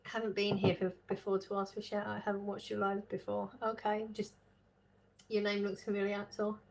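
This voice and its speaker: A woman's voice: mid-range voice, completely flat delivery, brisk, vocal fry, a little mellow. A woman hosting a casual live stream, reading chat messages aloud, chatting and laughing often. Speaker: livestream host reading chat.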